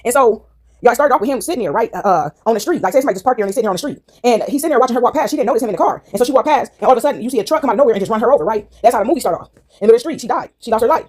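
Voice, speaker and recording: A woman's voice: fairly high pitch, animated, very fast, a little mellow, husky. A woman vlogger rambling through a movie recap to her viewers, swearing freely and calling them y'all.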